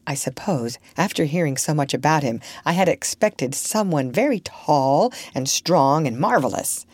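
Brief: low, animated female audiobook narrator, close dry studio read. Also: no room sound. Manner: expressive, storytelling. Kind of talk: scripted storybook narration.

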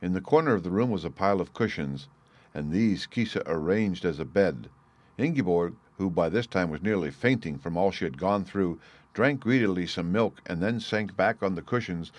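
A man reading a fairy tale aloud as narrator, measured and expressive. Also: sits low, no room sound. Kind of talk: storybook reading.

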